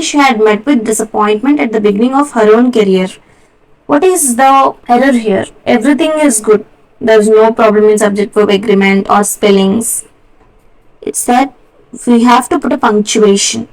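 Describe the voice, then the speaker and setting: A young woman with an Indian English accent, walking through past exam answers as a tutor, slowing down to spell out key words. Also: a little high, poor audio. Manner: steady explanatory, slows to spell out key words. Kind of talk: exam solution walkthrough.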